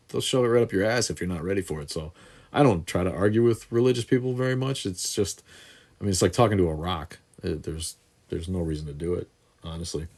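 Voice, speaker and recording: A man's voice: deep voice, fast, darkish tone, slightly rough. A man hosting a casual livestream Q&A from an indoor room on a phone camera, rambling and joking crudely. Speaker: livestream host answering viewer questions. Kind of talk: casual live chat. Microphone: phone camera in selfie mode.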